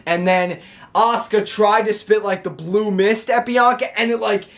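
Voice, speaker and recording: A man's voice: high-pitched, steady tone, moderate pace, fairly bright tone. A man casually recapping a wrestling show for his vlog, rambling with many restarts and fillers, filmed at home on his own camera.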